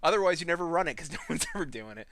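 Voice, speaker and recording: A man with a high voice runs through a game's story in a loose, swear-heavy rant, laughing as he goes. His voice is dry and close, with no room sound. He talks as a podcast host chatting with friends. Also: racing, no room sound. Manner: profane, rambling, laughs often; animated storytelling. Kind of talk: casual gaming podcast rant.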